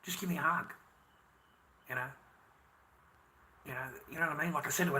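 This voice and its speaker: A man's voice: a little fast, pauses often, pushed and bright, slight background noise, poor audio. Profane, bitter Australian man ranting. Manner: profane and bitter, swinging between angry outbursts and low muttering. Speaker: vlogger. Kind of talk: ranting monologue to camera.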